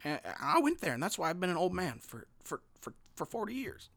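A man doing an impression of an elderly male politician, with a soft, breathy, rambling old-man delivery. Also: high voice, sing-song, brisk, no room sound, full character voice.

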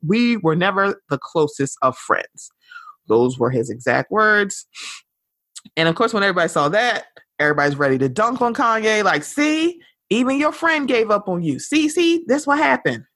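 A woman hosting a podcast, giving blunt, animated pop culture commentary and swearing freely. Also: lowish voice, dry recording, studio quality. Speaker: podcast host.

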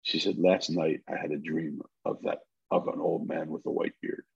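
A man's voice: extremely low pitch, normal speed, creaky, husky, no echo. An older man, a podcast guest, telling a long story and acting out the dialogue as he goes. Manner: animated storyteller who acts out the dialogue. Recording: slightly muffled recording.

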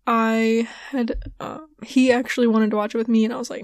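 A young woman hosting a podcast in casual chat, rambling with many fillers, her voice hoarse and giving out. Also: fairly high pitch, little pitch movement, brisk, no echo, studio quality. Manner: rambling, filler-heavy, ranting. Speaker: podcast host.

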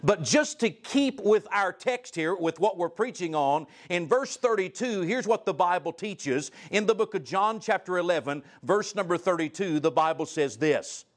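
A male guest preacher delivering a sermon, reading scripture aloud and asking the congregation direct questions, his pitch and loudness swinging widely. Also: expressive, normal speed, few pauses. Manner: reads scripture aloud in old-style wording; asks the listeners direct questions.

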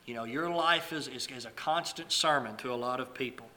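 A man's voice: medium pitch, a little fast, sharp tone. A man preaching a sermon in a conversational way, telling stories with small restarts and asides.

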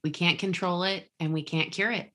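Bright, low-pitched woman host. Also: fairly even intonation, moderate pace. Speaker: podcast host. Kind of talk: casual podcast interview.

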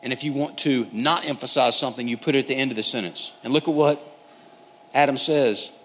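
In an echoey hall with faint noise, a man teaches through a Bible passage sermon-style, earnest and conversational, often calling his listeners "guys". He talks fast at a medium pitch.

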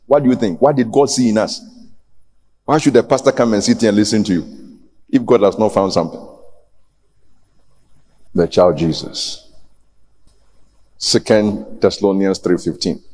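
A man's voice: on the low side, darkish tone, slightly rough. A man preaching a sermon as pastor, challenging and pleading with the congregation and rising to emphatic peaks. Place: church. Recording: long hall reverb.

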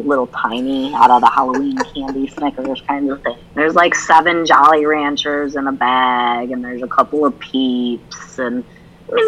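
A woman's voice: low voice, poor audio. A middle-aged woman co-hosting a casual recovery podcast, telling a family story and acting out the voices of the people in it. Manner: animated storyteller who acts out quoted voices. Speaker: podcast co-host.

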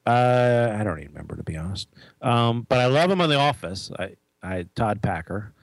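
A man's voice: mid-range voice, lively intonation, fairly quick, no room sound. A man chatting casually as a co-host, teasing and making wry remarks. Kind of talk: casual chat.

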